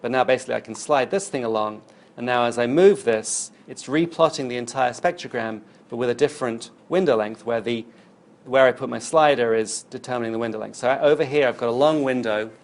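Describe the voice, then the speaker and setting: Gravelly-voiced male lecturer. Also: medium pitch, a little fast. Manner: explains while demonstrating on screen, thinking aloud. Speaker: university lecturer. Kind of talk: recorded university lecture.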